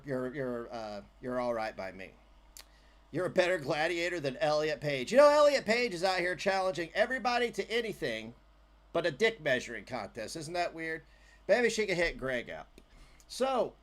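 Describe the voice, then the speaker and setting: A man hosting a casual livestream, joking and chatting loosely with his viewers. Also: a little high. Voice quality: animated, jokey, trails off into asides. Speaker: livestream host.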